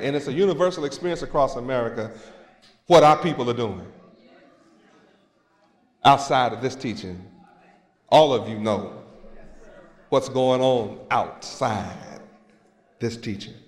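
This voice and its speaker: A man preaching a sermon, dramatic, shouting and acting out scenes to the congregation. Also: mid-range voice, measured pace, pauses often. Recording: echoey hall with long reverb.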